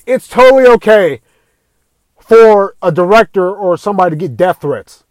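A man's voice: high voice, expressive, normal speed, dry recording. A man delivering an angry, profane rant to camera, swearing constantly and raising his voice at times. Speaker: video ranter.

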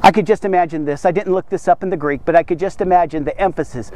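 A man's voice: high-pitched, quick pace, few pauses, mellow. A man preaching a devotional sermon, emphatic and repetitive, often checking in with "okay?".

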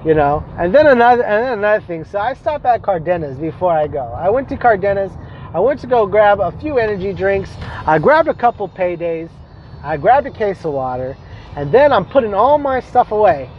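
A young man telling stories in a casual vlog, animated, profane and exasperated as he rants. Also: high-pitched, a little fast, dull audio, a little hiss or hum.

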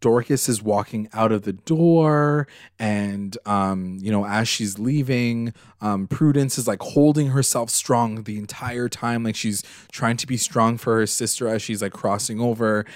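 Low-voiced man recapping a show, dry mic. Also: a little slow, hardly any pauses, no echo. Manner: animated, filler-heavy, retells scenes with emotion. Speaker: podcast co-host. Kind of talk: casual chat recapping a TV episode.

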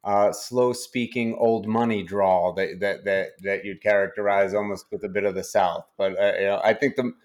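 A man with a New Hampshire accent, a company CEO speaking as a guest in an interview, halting and often repeating words. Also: on the low side, steady tone. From New Hampshire, United States.

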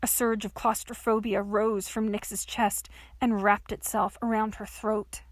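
Expressive woman audiobook narrator. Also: medium pitch, measured pace, no room sound. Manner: expressive, dramatic storytelling. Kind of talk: scripted narration.

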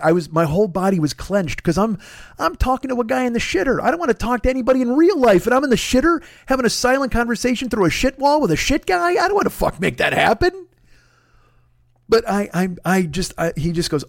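A podcast host, a man, telling a comic personal story in a profane, animated way, dropping to a hush for re-enactments and rising in exasperation. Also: a little high, creaky, dry recording, studio quality. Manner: profane, animated, swings between hushed re-enactment and loud exasperation.

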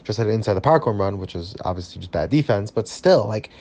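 A man reacting as a baseball fan in a ranting vlog, exasperated and repeating himself, then settling into calmer analysis. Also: on the low side, quick pace.

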